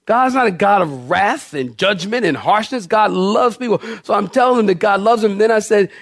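A man's voice: sits high, animated, brisk, gravelly, no echo, studio quality. A male pastor preaching a sermon to a congregation, telling a story with humor and big swings in his voice.

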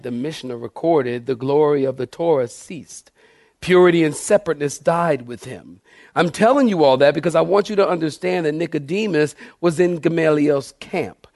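A man's voice: on the high side, darkish tone, no room sound, studio quality. A middle-aged man preaching a sermon as pastor, emphatic, repeating key phrases and asking the congregation questions.

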